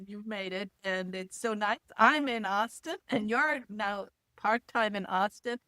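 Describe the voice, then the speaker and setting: A woman's voice: medium pitch, unhurried, pushed and bright, no room sound. A woman hosting an author interview, enthusiastic and gushing. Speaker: interview host. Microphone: video call.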